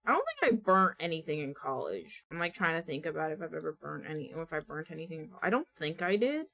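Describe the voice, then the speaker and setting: Playful young woman streamer, lowish voice. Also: fairly bright tone. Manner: playful and chatty, talks to chat and to her characters. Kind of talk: casual live-stream chat while drawing.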